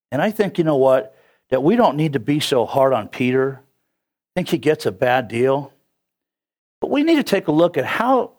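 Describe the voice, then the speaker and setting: A man from California with a Californian accent, preaching a casual, conversational sermon and chuckling between his points. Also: a little high. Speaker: pastor.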